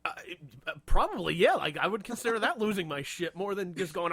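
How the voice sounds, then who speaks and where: A young man co-hosting a casual podcast, telling a heated story full of swearing and quick laughs. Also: high-pitched, breathy edge. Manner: profane, animated storytelling, frequent laughter. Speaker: podcast co-host.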